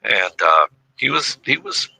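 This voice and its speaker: A man's voice: medium pitch, very animated, unhurried, vocal fry, pushed and bright, breathy edge, no room sound, poor audio. A man in his fifties telling his story as a guest in a casual interview, rambling and heavy with fillers. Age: 50s. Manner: rambling, heavy with "you know" and "uh". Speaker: podcast guest.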